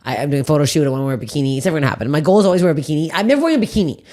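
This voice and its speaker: A woman hosting a comedy podcast, telling stories in an animated way with frequent laughs and swearing. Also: sits low, racing. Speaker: podcast host. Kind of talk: casual chat.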